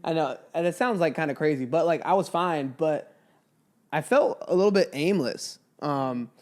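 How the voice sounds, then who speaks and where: A young man co-hosting a married couple's podcast in casual chat, playful and earnest with quick asides. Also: fairly high pitch, a little mellow. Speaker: podcast co-host.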